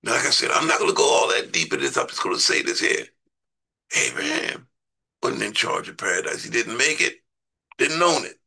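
A man's voice: medium pitch, huge pitch swings, fairly quick, gravelly, bright, forceful tone, slightly rough. A man preaching a sermon in a conversational way, repeating words and putting questions to his listeners.

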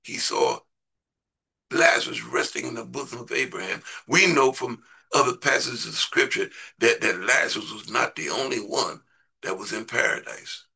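Gravelly, bright-voiced male preacher. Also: mid-range voice, normal speed. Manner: conversational preaching, repeats words, asks listeners questions. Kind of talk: sermon.

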